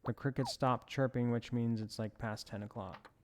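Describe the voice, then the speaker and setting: A man's voice: mid-range voice, fairly even intonation, normal speed, background noise. A man giving casual commentary as he plays a farming game, rambling with self-amused asides. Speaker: let's play host.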